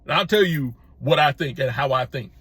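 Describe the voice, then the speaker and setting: Emphatic husky-voiced man ranting to camera. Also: mid-range voice, lively intonation, fairly quick, fairly bright tone, no room sound. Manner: emphatic, repetitive, restarts with stammered false starts. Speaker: YouTube channel host. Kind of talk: opinion monologue to camera.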